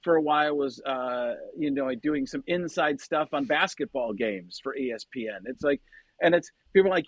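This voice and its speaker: Comedian guy chatting on a podcast, kinda high voice, dead dry mic. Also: no echo. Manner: animated, quick to slip into impressions. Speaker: comedian guest. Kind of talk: casual podcast chat.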